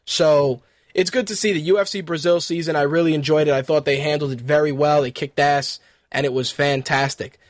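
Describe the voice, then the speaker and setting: A man's voice: fairly high pitch, fairly even intonation, fairly quick, no echo, clean studio sound. A man hosting an internet radio talk show in a casual, chatty way, with loose swearing and a run of fight news. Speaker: podcast host.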